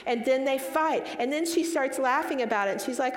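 A woman's voice: sits high, brisk. Earnest woman speaker in an echoey hall. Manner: emphatic, earnest, repeats and restarts phrases. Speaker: speaker answering audience questions. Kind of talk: live Q&A talk. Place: hall with a live audience. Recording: echoey hall with long reverb.

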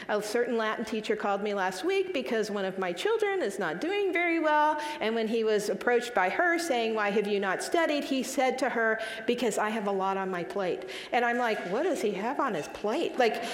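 A woman in her forties answering audience questions at a live talk, earnest and emphatic, often repeating and restarting her phrases. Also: on the high side. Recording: echoey hall with long reverb.

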